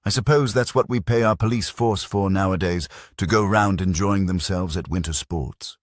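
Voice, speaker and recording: A booming, haughty old lady, put on by a male narrator in a mystery audiobook. She raises her voice high over a deep husky base, every word dripping disapproval. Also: very animated, normal speed, a little mellow, dry recording, studio quality, full character voice. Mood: disapproving. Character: genteel older English woman, disapproving, acid.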